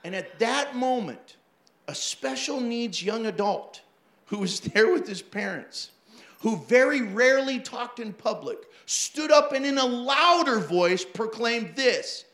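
A man who is a pastor, telling funny church stories in an animated sermon, acting out the people he quotes and laughing often. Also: very high-pitched, a little slow, echoey room. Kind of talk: storytelling sermon.

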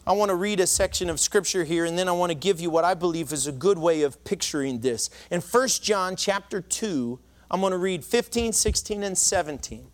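A man's voice: high-pitched, a little fast. A man preaching a sermon to his congregation in a church. He speaks earnestly and conversationally. He often stumbles over words and starts again. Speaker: pastor.

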